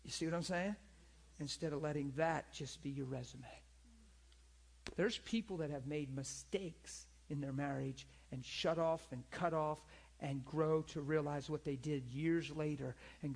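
A male preacher with a husky voice that sits a little high. He talks through his sermon in an earnest, conversational way and often turns to the listeners for agreement. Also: a little slow. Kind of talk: sermon with personal story.

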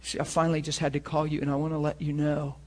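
A pastor preaching a sermon and telling personal stories in an earnest way, sometimes dropping soft and sometimes rising loud. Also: male voice, on the high side, completely flat delivery, quick pace. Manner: earnest storytelling, swings from soft confessional to loud emphatic.

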